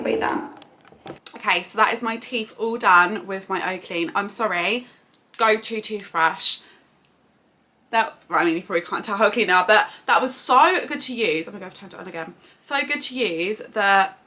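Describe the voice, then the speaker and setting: A woman's voice: medium pitch, a little slow. Bubbly young British woman vlogging. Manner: bubbly, excitable, chatty with many fillers. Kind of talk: casual product review. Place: home bathroom.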